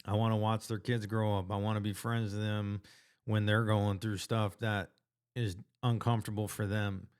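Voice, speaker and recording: A man's voice: fairly low pitch, flat delivery, moderate pace, clean tone. A man vlogging about his weight-loss progress in an earnest, casual motivational monologue, full of slang and restarts.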